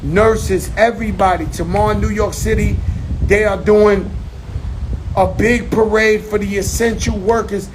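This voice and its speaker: High-voiced man holding forth outdoors. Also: steady tone, unhurried, background noise. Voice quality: repetitive, emphatic, profane street talk. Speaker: show host. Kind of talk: casual outdoor monologue. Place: outdoors among palm trees by the sea.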